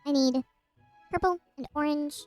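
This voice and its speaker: A woman's voice: sits high, moderate pace, darkish tone, soft background music, rough recording. A woman streamer casually retelling a myth while gaming, rambling with asides and restarts.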